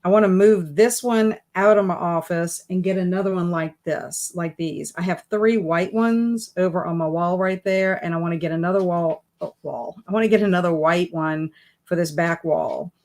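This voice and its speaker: A woman hosts a casual live stream from her home office. Her voice sits a little low, and she talks in a relaxed, chatty way while she answers viewer comments one after another. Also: moderate pace. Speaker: booktube live stream host.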